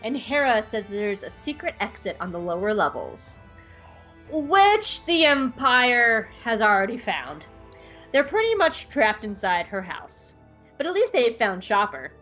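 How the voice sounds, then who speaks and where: A woman's voice: mid-range voice, sing-song, measured pace, bright, forceful tone, lo-fi sound, faint music behind. A young woman hosting a podcast, chatting casually and giggly through an episode recap. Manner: chatty, giggly, lots of fillers. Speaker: podcast host.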